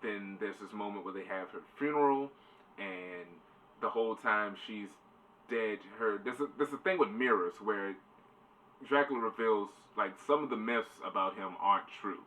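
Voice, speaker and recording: A show reviewer with a low-ish, sharp-toned voice talks at a moderate pace in a casual, rambling spoiler review, swearing loosely. The mic is distant, and faint background noise can be heard.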